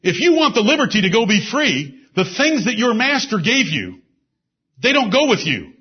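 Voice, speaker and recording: A man preaching a sermon with emphasis. He repeats key phrases and drops into low asides. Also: very animated, moderate pace, breathy edge. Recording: dull lo-fi sermon recording.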